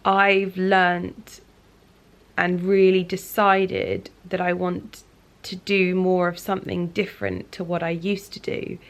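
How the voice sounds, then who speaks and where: Soft-spoken woman with a gravelly low voice. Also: level tone, slow. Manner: soft, confiding, many "like" fillers. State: emotional, near tears. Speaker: lifestyle vlogger. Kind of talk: casual reflective chat. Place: living room sofa at night.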